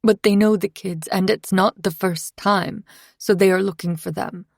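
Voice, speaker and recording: A woman's voice: mid-range voice, fairly even intonation, moderate pace, vocal fry, dry recording, studio quality. A woman voicing an anxious, polite woman neighbor who talks in fretful, apologetic bursts.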